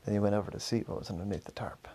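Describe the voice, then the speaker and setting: A man's voice: fairly low pitch, fairly even intonation, very fast, dark tone, husky. A man narrating an improvised story loosely, with restarts and self-corrections.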